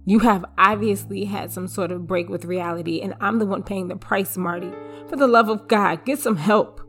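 A woman's voice: mid-range voice, normal speed, a bit bright, faint music behind, natural voice. A woman voicing a desperate captive wife who pleads and argues in a raised, strained voice. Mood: scornful.

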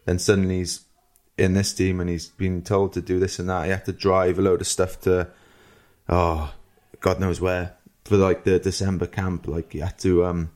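A Welsh man in his thirties with a slightly low voice tells a rambling anecdote on a casual podcast. He talks loosely and animatedly, slipping into quick impressions of the people in his story. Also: little pitch movement, a little mellow. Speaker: podcast co-host.

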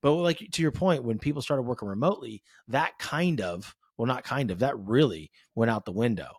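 A man hosting a podcast in casual interview chat, animated and peppering his talk with "right?" and "you know". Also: medium pitch, brisk, breathy edge, no room sound, clean studio sound. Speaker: podcast host.

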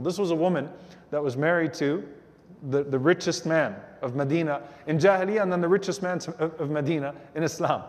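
A man with a somewhat high-pitched voice tells a story to an audience in a religious lecture. He brings it to life by slipping into the voices of the people he quotes. His words carry a long reverb from a large hall. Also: darkish tone. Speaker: Islamic lecturer.

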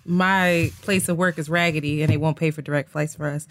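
A woman co-hosting a casual chat, telling a story with lively acted-out quotes. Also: low voice, a little fast. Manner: animated storyteller, acts out quotes. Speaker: podcast co-host.

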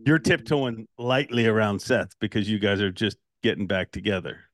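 A man's voice: on the low side, normal speed, a bit bright. A man from Ireland hosting a podcast, telling stories casually with lots of laughter. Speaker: podcast host. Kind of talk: casual interview chat.

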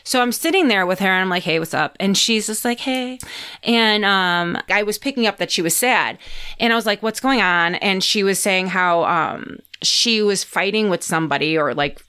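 A woman's voice: medium pitch, sharp tone, smooth. A woman guest on a podcast, telling a story in a casual chat, acting out what people said and swearing freely. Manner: chatty, acts out her own and others' lines, swears freely.

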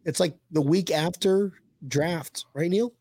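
A man's voice: a little high, takes it slowly, dark tone, no room sound. A man hosting a casual live-stream chat, joking and teasing his guest. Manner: joking, teasing, laughs often. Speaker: podcast host.

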